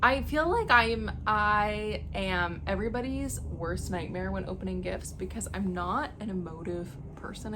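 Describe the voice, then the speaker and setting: A woman's voice: mid-range voice, a bit bright, slight background noise. A young woman vlogging casually at home, gushing with effusive exclamations. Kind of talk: casual vlog chat. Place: home apartment, indoors.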